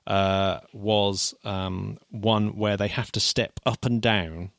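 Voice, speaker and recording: Animated podcast host. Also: male voice, on the low side, takes it slowly, gravelly, dry recording, clean studio sound. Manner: animated, laughing easily, many restarts. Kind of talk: casual chat.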